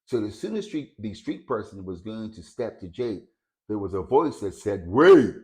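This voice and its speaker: A man's voice: fairly low pitch, very animated, normal speed, dark tone. A man casually telling a story, hesitating and repeating words as he searches for them.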